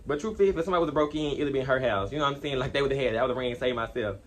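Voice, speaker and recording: A young man telling a storytime vlog in an animated, slangy way, rambling with asides. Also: medium pitch, racing, a little hiss or hum. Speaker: vlogger.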